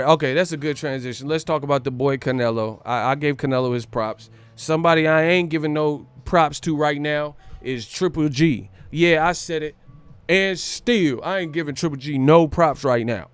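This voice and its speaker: A man's voice: on the high side, normal speed, clear, resonant tone, no room sound. A man from California hosting a boxing livestream, brash and profane, riffing hard and breaking into laughter and sung lines. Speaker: boxing stream host. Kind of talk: casual livestream rant.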